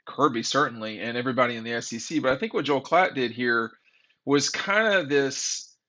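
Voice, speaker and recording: This man hosts a sports commentary show, his medium-pitched voice brisk, pushed and bright. He rambles through a casual, opinionated monologue with plenty of exasperation, and the lo-fi audio sounds dull.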